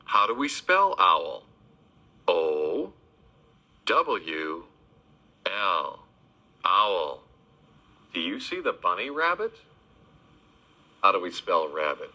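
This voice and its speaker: A man teaching children animal names in a slow, sing-song voice, spelling each word letter by letter. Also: sits low, very animated, pushed and bright, muffled recording. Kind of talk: spelling lesson for kids.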